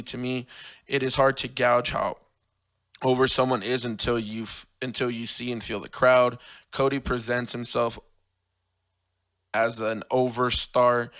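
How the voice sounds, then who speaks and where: A man hosting his own podcast in casual solo chat, his voice hoarse from losing it, rambling and correcting himself as he talks. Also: medium pitch, fairly bright tone. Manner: rambling, self-correcting, fan talk. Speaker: podcast host.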